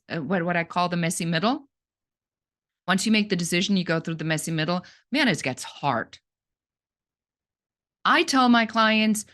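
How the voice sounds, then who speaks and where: A woman business coach in middle age delivers a direct sales talk to camera. Her voice sits a little low, and she is blunt and earnest. She often stops and restarts her sentences. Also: a bit bright.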